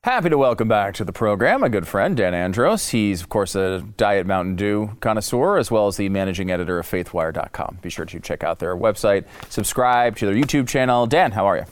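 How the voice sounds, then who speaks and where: A man's voice: lowish voice, animated, a little fast, few pauses. A man hosting a political talk podcast, chatty and loose, with many fillers and frequent laughs. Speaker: podcast host. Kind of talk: casual political talk and host-read ad.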